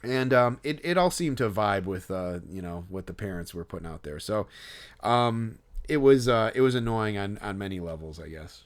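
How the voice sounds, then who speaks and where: This man co-hosts a podcast, telling a story in easygoing chat with a voice on the low side, lively intonation, and a moderate pace. His telling meanders, full of hesitations, fillers, and false starts.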